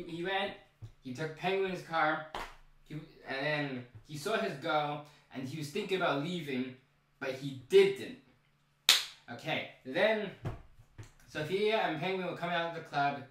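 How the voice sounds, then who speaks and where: A man casually recapping a TV episode, rambling and excitable, stumbling over repeated words and restarts. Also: fairly high pitch. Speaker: show recap vlogger. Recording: very echoey room, mic far off.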